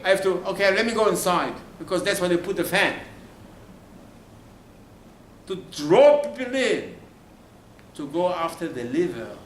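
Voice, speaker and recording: A man's voice: on the high side, fairly bright tone. A man, a rabbi, giving an emphatic Torah sermon, firing rhetorical questions at his listeners and dropping suddenly to a near-whisper. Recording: roomy room with faint ambient noise.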